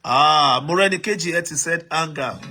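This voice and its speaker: A man's voice: on the high side, moderate pace, bright, forceful tone, faint music behind. A Nigerian man hosting a live stream, reading out viewer comments and urging the audience to write in, switching between English, Pidgin and Yoruba.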